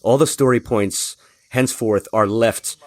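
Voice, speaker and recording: A podcast host interviewing a guest, asking long, thoughtful questions. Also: male voice, mid-range voice, a little slow, no room sound.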